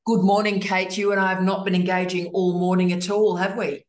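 A woman's voice: fairly low pitch, little pitch movement, a little fast, a little mellow. A woman hosting online office hours on a video call, greeting people in an effusive, teasing way. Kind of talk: casual video call chat. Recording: roomy echo.

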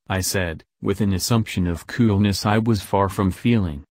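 Low-voiced man reading a story. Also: normal speed, few pauses, dry recording, clean studio sound. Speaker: audiobook narrator. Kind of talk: scripted narration.

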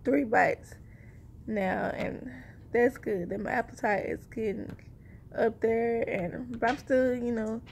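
A woman's voice: a little high, fairly even intonation, slow pace, vocal fry, a little hiss or hum. A woman chatting casually to her viewers in a rambling, conversational way, a little short of breath. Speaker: vlogger sharing a pregnancy update. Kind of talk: casual chat to camera.

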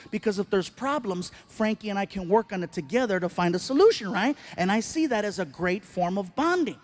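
A middle-aged man performing stand-up comedy on a live stage, telling an animated, playful story and acting out both sides of the dialogue. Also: sits high.

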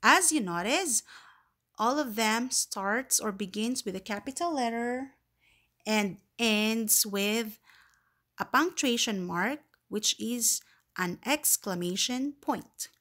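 A woman's voice: a little high, takes it slowly, a bit bright. A woman with a Filipino accent teaching a grammar lesson to young English learners, patiently repeating points and reading example sentences aloud with emphasis. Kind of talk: slow, deliberate online lesson for young learners.

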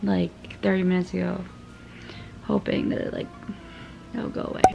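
Young woman, hoarse, gravelly voice, casual rambling vlog chat, music in the background. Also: lowish voice, little pitch movement, normal speed, highs cut off. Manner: rambling, chatty, trailing off mid-sentence. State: hoarse, lost voice. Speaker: vlogger. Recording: music playing behind the voice.

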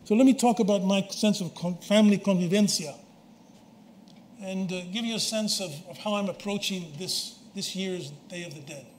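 A man's voice: sits high, darkish tone, a little hiss or hum. Older man lecturing in an echoey hall. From United States. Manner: measured, reflective, sprinkles Spanish words. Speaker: professor giving a public talk. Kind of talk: public lecture with slides. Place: hall with a live audience. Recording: roomy hall echo, faint ambience.

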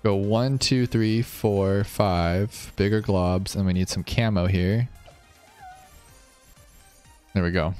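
A man streaming a tower defense game live, chatting with viewers and jumping to high yelps when the game gets tense. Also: slow, long pauses, soft background music. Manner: excitable, talks to chat, jumps to high yelps when tense. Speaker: gaming streamer. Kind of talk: live gameplay commentary.

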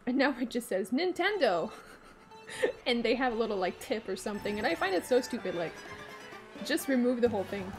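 A woman streamer giving live commentary as she plays, excitable, swearing and shrieking when things get fast. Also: a little high, faint music behind. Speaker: gaming streamer.

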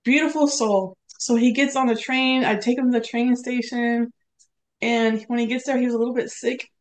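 A middle-aged woman with a fairly high voice tells a personal story as a podcast guest. She speaks with open emotion and acts out the lines of others as she retells them. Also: steady tone, moderate pace.

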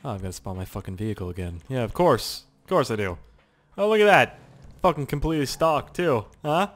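A young man from Canada giving rambling, profane gameplay commentary with sudden excited yelps. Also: medium pitch, a little fast. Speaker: gaming channel host.

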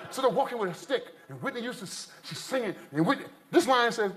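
A man from the United States doing live stand-up, telling stories in an animated, exaggerated way. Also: sits high, quick pace, few pauses. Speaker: stand-up comedian. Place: stage before a live audience. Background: faint audience laughter.

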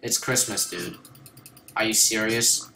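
A man talks over his own gameplay, excitable and jokey, looping the same phrases again and again. His voice is bright and forceful. The room is echoey, with a faint hum of ambient noise behind him. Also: fairly low pitch, slow. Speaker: gameplay commentator. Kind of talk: casual gameplay commentary.

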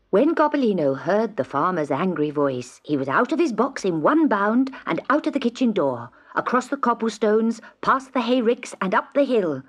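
A woman narrating a children's storybook in an expressive, lively way, recorded on old cassette tape. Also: mid-range voice, normal speed, few pauses, husky. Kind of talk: storybook reading.

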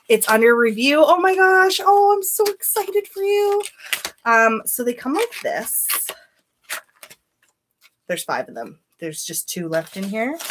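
A woman's voice: medium pitch, background noise. A woman chatting casually on a beauty live stream, greeting viewers by name and giving candid opinions.

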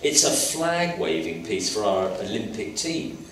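A man's voice: on the low side, a little slow, a little hiss or hum. A man in his sixties from England, a sculptor telling anecdotes on stage in a college lecture hall and acting out the voices in his stories. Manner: lively storyteller acting out voices. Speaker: sculptor, invited guest artist. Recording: echoey hall from far off.

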